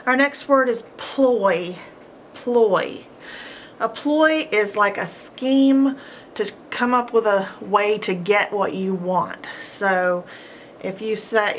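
A woman teaching a homeschool phonics lesson, sounding out each word slowly and repeating every sound, with encouraging praise. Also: mid-range voice, a little hiss or hum. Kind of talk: slow, drawn-out phonics lesson.

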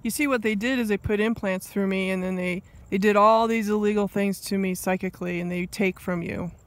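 Agitated high-voiced man rambling. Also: fairly even intonation, fairly quick, fairly bright tone. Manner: agitated, rambling, many asides and restarts. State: angry. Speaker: vlogger. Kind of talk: rambling solo monologue.

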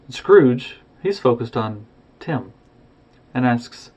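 Guy retelling a story, expressive, goes "boom!", lo-fi muffled sound. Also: measured pace. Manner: lively, expressive, with sound effects. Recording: dull lo-fi recording.

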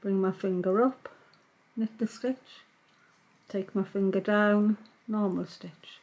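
A woman teaching a knitting technique, talking calmly and patiently through each step while she works. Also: mid-range voice, takes it slowly, muffled recording. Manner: calm, patient, talks while working. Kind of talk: step-by-step craft tutorial.

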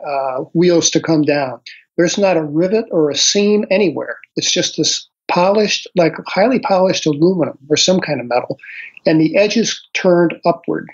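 A man in his sixties, a guest author recounting a personal experience slowly and thoughtfully, pausing often with ums and uhs. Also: high-pitched. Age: 60s. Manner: slow, reflective storytelling with frequent pauses and fillers. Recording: dull lo-fi audio.

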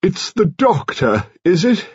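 A man's voice: high-pitched, sing-song, takes it slowly, breathy edge, no echo, highs cut off, pitched above the performer's own voice, heavily acted. A man reading an audiobook voices a stout, sardonic elderly titled woman who pants for breath. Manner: short of breath, panting.

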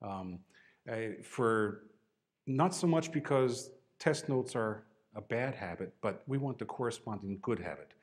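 A man's voice: fairly low pitch, animated, unhurried. Wry man coaching a trombone masterclass. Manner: encouraging, wry, repeats short cues. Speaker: trombone teacher.

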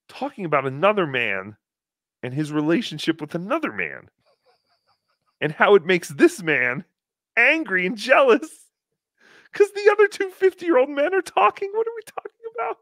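A man hosting a podcast, talking casually with an animated, sarcastic delivery. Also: high voice, moderate pace, pauses often, no room sound, studio quality. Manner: animated, sarcastic, mocks with impressions. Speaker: podcast host. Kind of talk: mocking casual chat.

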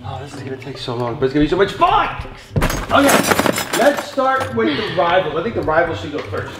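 A man hosting a family toy vlog, talking playfully and excitedly with his kids. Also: fairly high pitch, a little fast, very noisy. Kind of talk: casual family vlog chat. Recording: music bed under voice.

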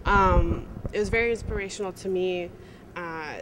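A woman's voice: fairly low pitch, moderate pace. Earnest woman, noisy recording. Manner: earnest, repetitive. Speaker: audience member. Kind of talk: sincere testimonial.

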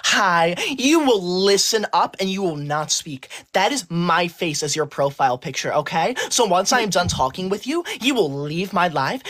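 A woman on a livestream playing a prim, rule-obsessed teacher's pet student who scolds in a stiff, formal, deliberate way. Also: fairly low pitch, a bit bright. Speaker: livestream host. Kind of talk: comic role-play on a livestream.

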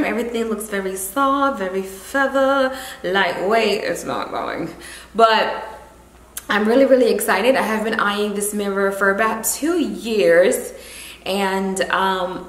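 Chatty woman vlogger in echoey room. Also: mid-range voice. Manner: chatty, giddy, drawn-out emphasis. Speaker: home decor vlogger. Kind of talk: casual chat. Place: home living room, indoors.

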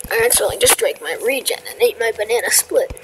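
A woman's voice: fairly high pitch, expressive, quick pace, background noise. A woman giving casual, chatty commentary over her gameplay, self-mocking and often dropping into whispers. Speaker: gamer.

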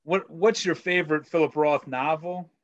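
A man with a fairly high voice hosts a library author talk. He asks questions haltingly, restarting phrases before landing them. The sound is dry, with no room around it. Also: dry recording, muffled recording. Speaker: library interviewer. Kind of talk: interview questions.

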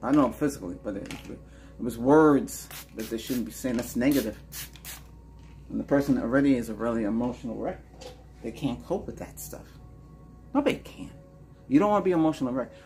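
A man hosting a Reiki healing session, chanting slow, soft repeated lines and then rambling in loose, chatty talk. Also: mid-range voice, expressive. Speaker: Reiki healer and channel host.

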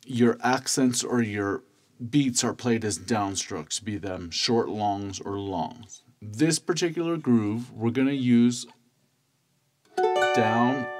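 A man teaching a stringed-instrument lesson, calmly counting beats and chanting strokes. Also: mid-range voice. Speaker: music teacher. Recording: loud instrument playing under voice. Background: cavaquinho playing.

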